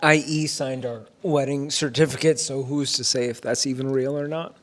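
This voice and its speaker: A man's voice: mid-range voice, fairly even intonation, normal speed. A man chatting casually on his vlog with dry, joking asides. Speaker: vlogger. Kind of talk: casual chat.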